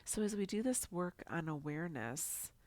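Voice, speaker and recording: A middle-aged woman hosting a podcast, speaking calmly and encouragingly in a congested, nasal voice. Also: lowish voice, moderate pace, dry recording. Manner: calm, encouraging coaching tone. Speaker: podcast host. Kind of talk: scripted podcast talk.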